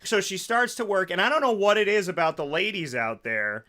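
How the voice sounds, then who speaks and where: A man hosting a radio show, telling a comic story in a lively way and acting out the people in it. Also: sits high, fairly quick. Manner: animated, acts out quotes in other voices. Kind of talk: comedic storytelling monologue.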